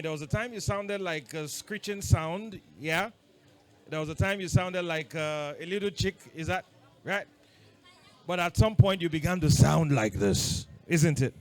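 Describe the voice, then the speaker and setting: A man leading an interactive talk with a group of boys, playfully quizzing them with quick questions. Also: high voice. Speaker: workshop leader talking to boys.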